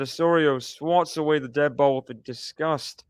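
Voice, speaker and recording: A man's voice: on the high side, fairly even intonation, a little slow, smooth, no echo, clean studio sound. A man giving chatty live play-by-play commentary on a tennis match, laughing often and cheering the players on.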